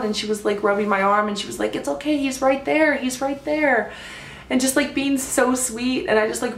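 A woman's voice: medium pitch, a bit bright, echoey room, a little hiss or hum. A woman vlogger telling a personal story to camera in a gushing, casual way, filling her talk with "like". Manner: gushing, heavy use of "like".

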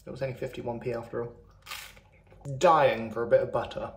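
A man's voice: mid-range voice, fairly even intonation, brisk, creaky, a little hiss or hum. A man chatting casually and cheerfully through a cooking vlog, poking fun at himself. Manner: chatty, upbeat, self-deprecating. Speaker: vlogger.

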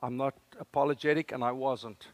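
A man's voice: mid-range voice, fairly even intonation, fairly quick, no echo. A man in his fifties with a South African accent, preaching a sermon as a guest speaker in an earnest, storytelling way. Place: church service.

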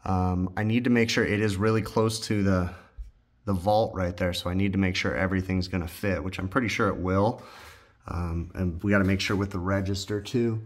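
A man hosting a casual DIY vlog, explaining his HVAC work step by step in a relaxed way with plenty of ums and uhs. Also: deep voice, brisk. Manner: relaxed, explanatory, many fillers like um and uh. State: out of breath. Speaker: HVAC technician and channel host.

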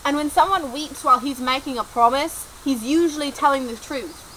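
A woman's voice: high-pitched, normal speed, pushed and bright, a little hiss or hum, low-quality recording. A woman playing a pleading, lovesick young male wizard. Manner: pleading, dramatic declarations.

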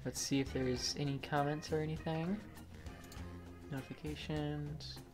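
Chill guy streamer, talks real slow, chuckly, talking to chat. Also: on the high side, level tone, music in the background. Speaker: streamer host. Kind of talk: casual game stream chat.

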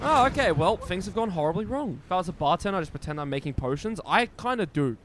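High, lively young male streamer. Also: fast, slight background noise. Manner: loud, excitable, swears a lot, jokey. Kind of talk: gaming commentary.

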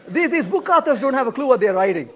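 A middle-aged man with a very high voice gives a workshop lecture in a conference room, fielding audience questions. He's animated and emphatic, answering bluntly with humor and acting out quoted dialogue in different voices.

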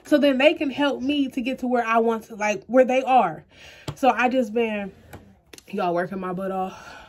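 A young woman speaking earnestly into her camera, her fairly high voice close to tears as she talks directly to her viewers. She leans on faith and keeps herself pushing forward. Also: moderate pace. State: close to tears, eyes puffy. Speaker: vlogger. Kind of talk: emotional personal vlog to camera.

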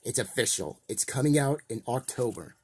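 A man's voice: mid-range voice, animated, moderate pace, husky. A man voicing a cheerful male mayor toy in a fan toy play, casual and upbeat as he announces news.

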